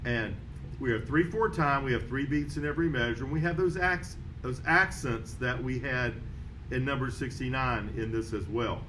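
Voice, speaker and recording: A male band teacher walks a beginner through a trumpet method book, counting in and calling note names in a steady, patient rhythm. His voice sits in an ordinary middle pitch. A faint noise floor runs under the recording. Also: moderate pace, low-quality recording. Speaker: music teacher.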